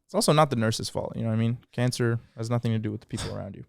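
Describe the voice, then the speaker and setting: A young man co-hosting a podcast, telling stories in a lively, slangy casual chat. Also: mid-range voice, racing, vocal fry, no room sound, studio quality. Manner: animated storytelling, slangy. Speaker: podcast co-host.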